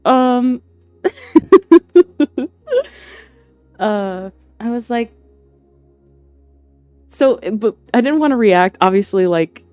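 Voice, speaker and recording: Young woman streamer, slow and mellow, hesitant and rambling, dry close mic with faint music under her. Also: fairly high pitch, smooth, dry recording. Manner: rambling and hesitant, many fillers and restarts, laughs often. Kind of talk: casual livestream chat.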